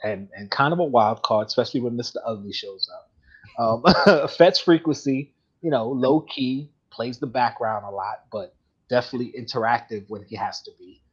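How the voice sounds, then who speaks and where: A chatty man hosting a casual live stream, rambling along and laughing easily. His voice is husky and a little breathy, and the audio is dull and lo-fi. He sits in a middle pitch for a man. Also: normal speed. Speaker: host of a live collectibles show.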